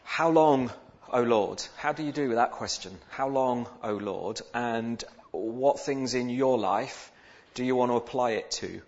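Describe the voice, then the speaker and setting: Man, minister, sermon, conversational, self-deprecating, mid pitch, dull recording. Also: unhurried, a little mellow. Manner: chatty and self-deprecating, with dramatic psalm reading. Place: church.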